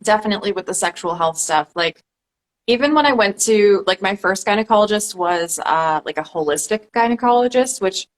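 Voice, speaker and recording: A woman podcast host in a relaxed, easygoing casual chat. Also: mid-range voice, a little fast, poor audio. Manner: relaxed, easygoing, back-channels a lot. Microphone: video call.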